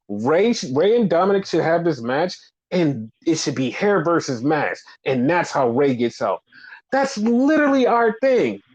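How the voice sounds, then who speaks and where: Animated, cursing man on a podcast. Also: high-pitched. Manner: animated, profane, acts out quoted voices. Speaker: podcast co-host. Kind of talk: casual wrestling podcast chat. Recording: muffled lo-fi audio.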